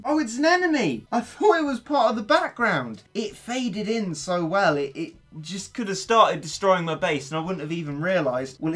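Gaming host, lively swooping pitch, excitable, mutters then yelps. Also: male voice. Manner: excitable, swings from low mutters to loud yelps. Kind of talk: casual gameplay commentary.

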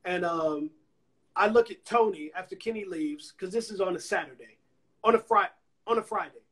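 A man's voice: sits high, moderate pace, a bit bright. A man from Alabama, a songwriter and producer, telling stories in a casual interview over a phone livestream and acting out the voices of the people he quotes. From Anniston, Alabama, US. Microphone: Instagram Live phone call.

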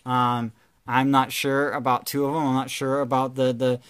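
A man doing casual, playful commentary while opening trading card packs, excitedly calling out cards and teasing his viewers. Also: medium pitch, moderate pace, clean tone, no room sound. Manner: excitable, calls out card names with bursts of energy.

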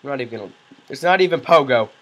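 A man doing goofy, excitable let's play commentary, yelling reactions and cracking self-mocking jokes. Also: medium pitch, rapid-fire, slight background noise, rough recording. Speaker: gaming commentator.

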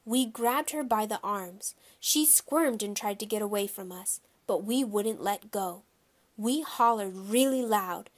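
A woman narrating a children's audiobook in a measured, storytelling first-person reading. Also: medium pitch.

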